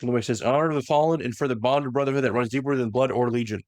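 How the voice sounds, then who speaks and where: A man casually recapping a story for a co-host, slipping into quick voiced quotes of the characters. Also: medium pitch, no room sound, studio quality. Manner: animated retelling that slips into quick voiced quotes. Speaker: podcast host recapping lore. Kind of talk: casual lore recap chat.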